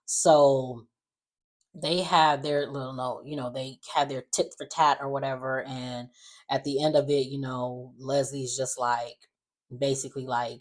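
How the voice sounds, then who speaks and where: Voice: mid-range voice, flat delivery, a little slow. Chatty, opinionated soap-recap host. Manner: chatty and opinionated, many fillers and asides. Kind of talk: casual recap chat.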